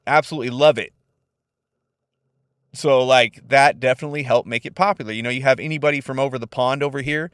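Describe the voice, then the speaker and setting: A young man from California hosting a casual solo podcast, laid-back, profane and animated. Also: medium pitch, fast talker, clear, resonant tone, dry recording. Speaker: podcast host.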